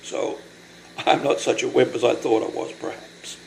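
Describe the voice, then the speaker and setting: An older man recording a personal video diary, speaking in a halting, apologetic, emotional way and short of breath from illness. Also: medium pitch, steady tone, creaky, darkish tone, a little hiss or hum, rough recording. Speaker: vlogger.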